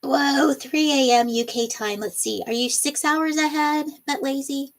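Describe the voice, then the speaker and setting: A woman's voice: sits high, a little slow. A middle-aged woman hosting a casual livestream, reading viewer comments aloud and laughing often in a bubbly, chatty way. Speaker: livestream host.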